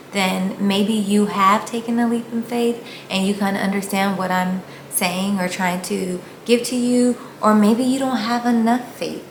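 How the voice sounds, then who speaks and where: A woman giving a casual, earnest motivational talk about faith, speaking straight to her viewers. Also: mid-range voice. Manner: earnest, encouraging, addresses viewers directly. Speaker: faith vlogger. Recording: echoey room with faint ambient noise.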